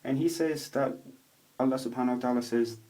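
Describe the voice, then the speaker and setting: A man in a casual, rambling video monologue, swearing a lot as he tells stories in an animated way. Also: mid-range voice, fairly quick. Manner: profane, rambling, animated storytelling. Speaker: vlogger. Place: home room with a roommate nearby.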